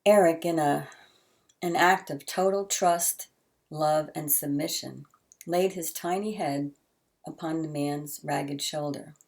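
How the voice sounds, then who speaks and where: A woman hosting a short show, reading a heartfelt story aloud in a soft, earnest way with drawn-out pauses. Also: deep voice, fairly even intonation, vocal fry.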